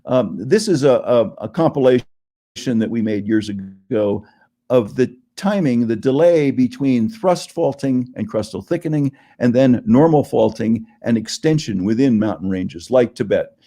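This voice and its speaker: A man giving an academic lecture over slides, measured and explanatory, often repeating a phrase for emphasis. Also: medium pitch, animated, mellow. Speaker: guest lecturer in geoscience.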